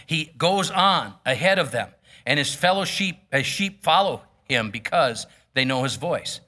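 A pastor with a fairly high, bright, forceful voice reads scripture aloud during his sermon. He then explains it in a plain, casual manner, dropping in frequent fillers.

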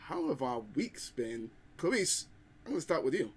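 A male podcast host with a very lively, swooping delivery, reading his introduction with theatrical flair before sliding into teasing, playful chat with the crew. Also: a little high, normal speed, vocal fry, husky. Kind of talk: scripted show introduction and casual chat.

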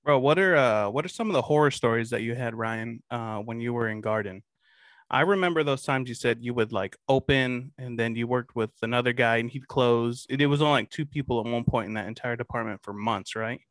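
A man's voice: mid-range voice, brisk, a bit bright, dry recording. A man co-hosting a podcast, eagerly asking for stories. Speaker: podcast co-host. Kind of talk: casual chat.

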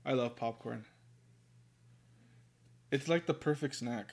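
A man's voice: mid-range voice, slow pace, creaky, darkish tone. A young man on a podcast, telling stories in casual chat, swearing a lot and playing up mock anger. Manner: profane, mock-angry storytelling.

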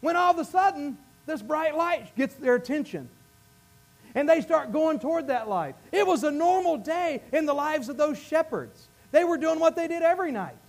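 Man, pastor, very high voice, impassioned sermon, loud peaks and hushed drops, repeats phrases. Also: lively intonation, normal speed. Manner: impassioned preaching, swinging from loud emphatic peaks to hushed lines.

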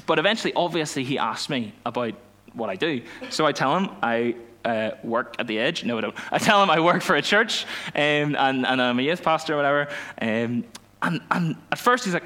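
A young man, a youth pastor telling a personal story in a sermon, animated and self-mocking, acting out the dialogue. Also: on the high side, a little fast. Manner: animated storytelling, laughs at himself, acts out dialogue.

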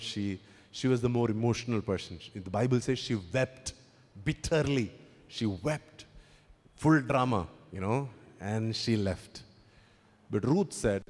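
A male preacher delivers a sermon in a chatty but emphatic manner, doubling up words as he pushes his point and dropping teasing remarks to the crowd. His voice sits at an ordinary middle pitch. Long reverb trails behind each phrase, as in a big hall. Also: lively intonation, measured pace, darkish tone. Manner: conversational, emphatic, repeats words, teasing asides.

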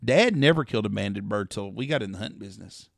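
Gravelly low-voiced man telling stories. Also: animated, fast talker, no room sound, clean studio sound. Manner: rambling, profane storyteller who acts out quotes. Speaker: podcast co-host, hunting guide. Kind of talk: casual storytelling chat.

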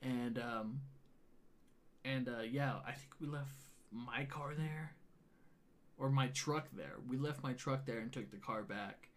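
A man's voice: mid-range voice, slow pace. A man casually retelling a wild night to a friend, swearing a lot and acting out quoted dialogue. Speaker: storyteller. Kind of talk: casual storytelling chat.

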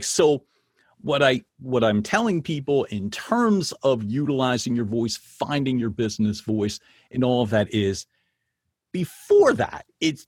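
A man's voice: medium pitch, breathy edge, no echo, clean studio sound. Enthusiastic man hosting an interview. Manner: enthusiastic, rambling, affirming. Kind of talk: conversational interview.

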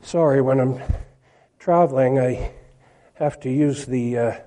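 A man's voice: mid-range voice, dark tone. A man preaching a sermon, reading verses aloud and stressing key words with emphasis. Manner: slow, emphatic, reads scripture aloud.

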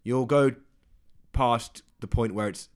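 A man's voice: medium pitch, slow, smooth. A young man, a podcast host, reading his own story aloud in a dry, understated way and chatting casually.

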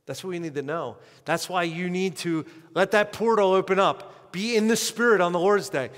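A male pastor preaching an impassioned sermon in a fairly high voice. His delivery surges loud and slow on key phrases, then falls back to a low hush. A long church-hall reverb trails every line. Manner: impassioned preaching with sharp swings in loudness and pace.

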